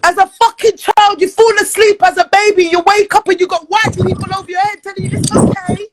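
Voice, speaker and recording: A woman, ranting loudly and profanely on a livestream, often close to tears. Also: very high voice, steady tone, a little fast, noisy background. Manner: angry, loud and profane, often near tears. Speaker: live streamer. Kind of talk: heated livestream rant.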